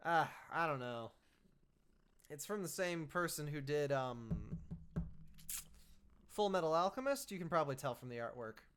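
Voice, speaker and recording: A man with a fairly high voice chats his way through a manga read-along. His commentary is casual, dry and self-mocking, like a streamer talking to regular viewers. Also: expressive, moderate pace, long pauses, fairly bright tone, clean tone. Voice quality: chatty, wry and self-mocking. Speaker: streamer reading manga aloud.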